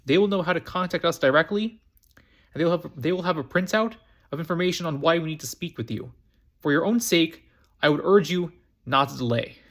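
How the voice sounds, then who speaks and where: A man's voice: fairly high pitch, brisk, a bit bright. A man reading as a stern police agent.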